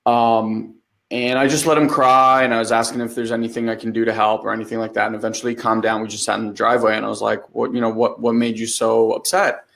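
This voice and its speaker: Animated man telling a story. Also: on the low side, fast talker, gravelly. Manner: animated storytelling, acts out quotes, swears casually. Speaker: podcast co-host. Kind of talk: casual conversation.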